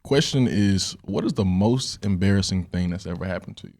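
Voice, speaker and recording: Fast-talking deep-voiced young man. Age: young adult. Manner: animated storyteller, says "right?" often. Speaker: podcast host. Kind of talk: casual chat.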